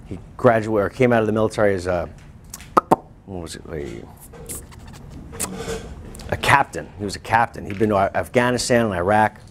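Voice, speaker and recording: A male teacher telling a class a lively personal story in a school classroom. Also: lowish voice, normal speed, long pauses, slight background noise. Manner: animated, acts out voices and screams.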